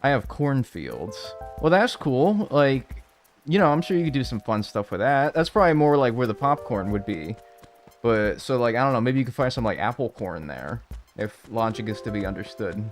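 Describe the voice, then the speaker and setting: A man's voice: medium pitch, big pitch swings, moderate pace, faint music behind. A man in his twenties, a game streamer chatting casually with live viewers in a rambling, joking way. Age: 20s. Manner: rambling, joking, full of filler "like".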